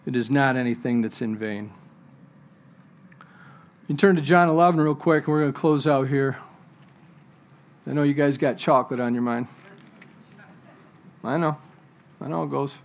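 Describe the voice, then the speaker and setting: A man's voice: a little high, steady tone, moderate pace, pauses often. Man preaching with emphatic repetition. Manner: joking asides to the congregation. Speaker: pastor. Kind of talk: sermon.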